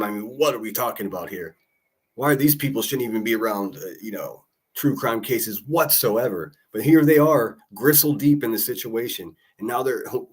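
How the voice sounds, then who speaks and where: A man's voice: mid-range voice, a little mellow. A man hosting a livestream, talking casually and mocking people with profane insults. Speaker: livestream host.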